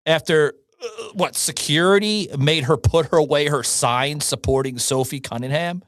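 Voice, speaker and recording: A man hosting an opinion podcast, his voice sitting a little high for a man. He gets fired up and curses freely, hammering the same short slogans again and again. The recording is dry, with no room sound. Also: moderate pace, fairly bright tone, no room sound. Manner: profane, fired-up and repetitive. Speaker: podcast host.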